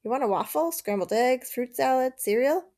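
A woman voicing a caring mother, fussing, practical, gravelly, storybook reading. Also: high voice, animated, normal speed, a little mellow, pitched above the performer's own voice.

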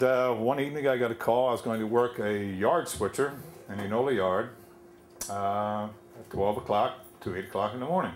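A man's voice: on the low side, a little hiss or hum. An older man telling a wry personal story live on stage, conversational with many fillers.

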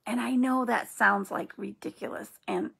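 A middle-aged woman hosting an inspirational channel, speaking in a gentle, earnest and reassuring way. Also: medium pitch, moderate pace, creaky, breathy edge. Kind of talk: encouraging spiritual talk.

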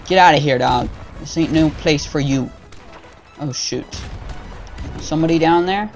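A man's voice: on the high side, measured pace, faint music behind. A young man doing live gameplay commentary for his gaming channel, trash-talking his teammates in slang and getting easily frustrated.

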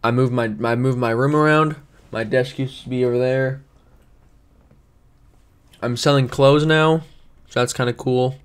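A young man talks straight into his camera from his bedroom, wandering from one thought to the next. His delivery is deadpan and sarcastic, with steady profanity. His voice sits at an ordinary middle pitch. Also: measured pace, pauses often, clear, resonant tone. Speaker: vlogger. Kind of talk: casual vlog chat. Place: home bedroom.

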